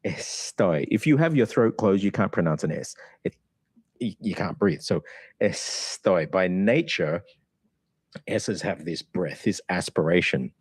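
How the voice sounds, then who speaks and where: Low-voiced Australian pronunciation coach. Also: male voice, expressive, husky, no echo, studio quality. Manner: slow, deliberate, sounds out words to demonstrate. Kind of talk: pronunciation analysis.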